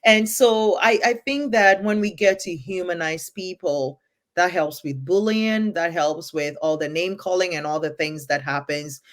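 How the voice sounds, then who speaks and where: A woman's voice: lowish voice, a little slow. Woman podcast co-host, earnest and persuasive, leans on "right?". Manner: emphatic, persuasive, often tags "right?". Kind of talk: earnest conversational podcast talk.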